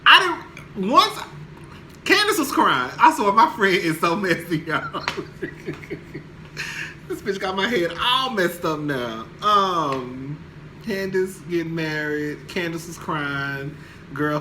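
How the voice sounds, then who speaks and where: A young man dishes on a reality TV episode in a loose, gossipy vlog, sassy and quick to laugh. His voice is slightly high and strikingly bright and edgy, with a faint hum of noise behind it. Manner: sassy, animated, laughs often. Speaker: reality TV recap vlogger. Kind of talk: casual gossipy recap.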